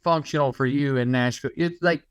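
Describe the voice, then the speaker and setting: A man's voice: mid-range voice, fairly quick, clean tone, no echo, highs cut off. A man co-hosting a podcast, teasing and joking in a profane, casual way. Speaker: podcast co-host. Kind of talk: casual chat.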